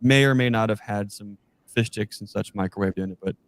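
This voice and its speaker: A man co-hosting a casual video call, with a deadpan, dry joking manner. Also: lowish voice, a little fast.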